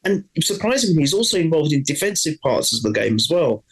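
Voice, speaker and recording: A man's voice: a little high, big pitch swings, quick pace, husky, rough recording. A man talking football as a regular on a casual podcast, hesitant with many ums and restarts.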